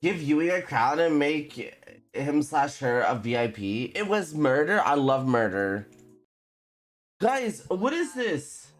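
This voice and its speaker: A female game streamer chats casually with her viewers, giggling often and exclaiming in an animated way. Her pitch swings widely but she keeps an unhurried pace, talking to chat over soft background music.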